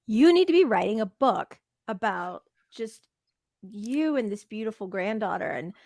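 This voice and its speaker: A woman chatting as a guest on a podcast, telling stories in a gushing, animated way with many restarts. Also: mid-range voice, unhurried, gravelly, dry recording, studio quality. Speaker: podcast guest, fellow show host. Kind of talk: casual conversation.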